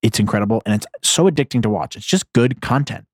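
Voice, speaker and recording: A man's voice: lowish voice, expressive, fast talker, slightly rough, no echo, studio quality. A man hosting a casual comedy podcast, reacting to online posts with blunt, sarcastic, profane commentary. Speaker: podcast host. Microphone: headphones on, close mic.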